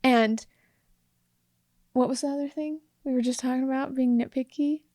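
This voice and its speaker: A woman co-hosting a podcast in casual chat, animated, often laughing and acting out sample phrases. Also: high-pitched, normal speed, no room sound, clean studio sound. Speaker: podcast co-host.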